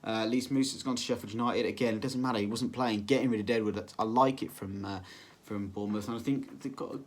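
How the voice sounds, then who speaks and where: Guy talking football predictions, lots of ums, keeps correcting himself, mid pitch. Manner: rambling, filler-heavy, self-correcting. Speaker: football vlogger. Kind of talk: casual solo prediction vlog.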